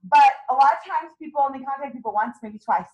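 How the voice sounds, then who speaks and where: A woman with a high, bright-toned voice leads her sales team through a motivational talk. She is bubbly and laughs often, pushing her group to get excited as she speaks to a small room. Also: fast, low-quality recording. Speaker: team leader running a sales meeting.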